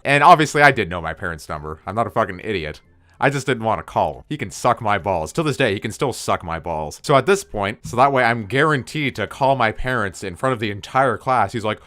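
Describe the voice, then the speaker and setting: Young man, low-ish voice, rambling storytime vlogger who swears constantly, dry close sound. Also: lively intonation, fairly quick, fairly bright tone, dry recording. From United States. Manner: rambling, digressive, swears a lot. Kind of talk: casual storytime vlog.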